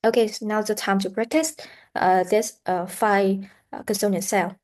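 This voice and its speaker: A woman teaching English pronunciation in a recorded lesson, explaining slowly with many "uh" fillers and modeling words for students to repeat. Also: medium pitch, fairly even intonation, a little mellow. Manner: slow, explanatory, with frequent "uh" fillers; models sounds and words for repetition. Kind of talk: recorded classroom lecture.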